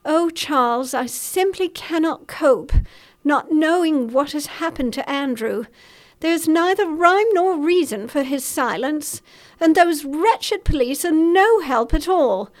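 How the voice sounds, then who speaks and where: A woman's voice: high-pitched, lively intonation, slow pace, pitched above the performer's own voice. A woman narrator voicing a distraught, genteel older mother who cannot cope with her son's silence.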